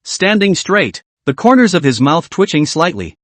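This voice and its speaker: A man narrates a story recap in a fairly high voice, his pitch rising and falling a lot. The sound is dry and close, with no room around it, and he reads in an even, scripted way. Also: normal speed, no echo. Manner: steady reading of dialogue and narration in one voice.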